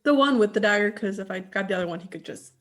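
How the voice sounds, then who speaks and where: Woman player, mid pitch, unsure about rules, casual game chat. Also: expressive, fast, faint music behind. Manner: hesitant, asks rules questions. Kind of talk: casual tabletop game play.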